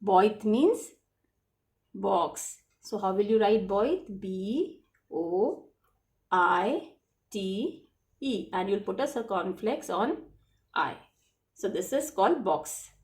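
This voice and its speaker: A woman's voice: mid-range voice, a little mellow. Patient woman teaching children French. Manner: patient, repetitive, spells words letter by letter. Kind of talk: classroom lesson explaining spelling.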